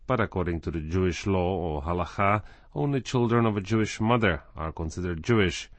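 A male radio reporter reads a scripted news feature. His voice is low and recorded dry and close, with no room sound. He keeps his delivery even and measured. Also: no room sound.

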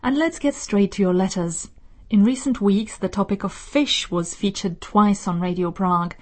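A woman hosting a radio listener mail show, reading her script in a measured, explanatory way from a studio. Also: medium pitch.

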